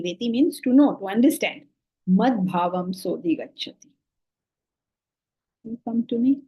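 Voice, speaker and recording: A woman from India, teaching a spiritual class on scripture in an animated, questioning way. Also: on the high side, poor audio. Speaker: Vedanta teacher.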